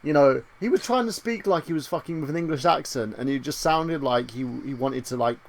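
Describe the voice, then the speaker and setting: A man's voice: a little high, fairly quick. A man hosting a casual podcast chat, crude and joking, often mimicking voices. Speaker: podcast host. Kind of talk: casual chat about movies and games.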